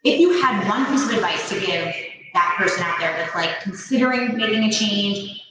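A woman's voice: medium pitch, lively intonation, moderate pace, crowd noise. A woman co-hosting a live podcast in casual chat, talking freely with many fillers. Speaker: podcast co-host. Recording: echoey room, far from the mic.

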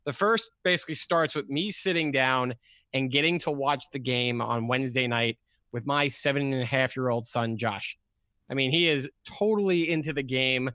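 A man co-hosting a sports podcast, telling animated stories and stumbling over repeated words. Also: medium pitch, normal speed, no echo. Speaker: podcast co-host. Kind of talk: casual sports podcast chat.

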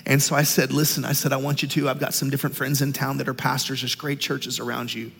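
A man of fifty, a pastor telling personal stories in a casual, energetic sermon, growing more animated as he presses his point. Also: medium pitch, fast talker, gravelly, husky. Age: 50s. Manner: energetic, conversational, animated with rising intensity. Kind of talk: sermon storytelling. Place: church sanctuary. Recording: church hall with long reverb.

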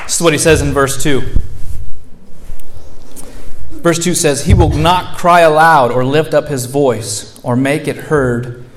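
A male pastor preaching a sermon in a church, moving between raised, emphatic lines and soft, gentle ones. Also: fairly high pitch, fairly even intonation, moderate pace, a little hiss or hum. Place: church sanctuary.

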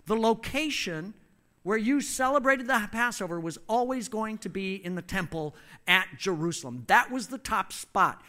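A man preaching a sermon in an emphatic, storytelling way. His voice is fairly high and bright. He pauses between phrases so an interpreter can translate. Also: animated.

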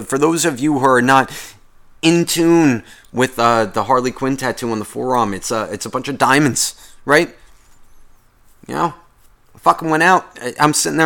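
A man's voice: a little high, sharp tone. A man in his thirties hosting a show, telling a story in an exasperated rant, swearing constantly. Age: 30s. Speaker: podcast host. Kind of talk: profane ranting storytelling.

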